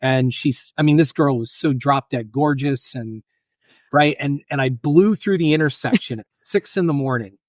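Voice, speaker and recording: With a medium-pitched voice and moderate pace, this filmmaker and author, appearing as a podcast guest, spins funny personal anecdotes and voices the other characters in them. The studio sound is clean with no echo.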